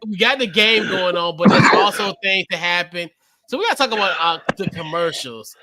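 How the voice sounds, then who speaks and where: Bright, higher-voiced man hosting a podcast. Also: expressive, dry recording. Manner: halting, repeats himself. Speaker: podcast host. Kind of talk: casual chat.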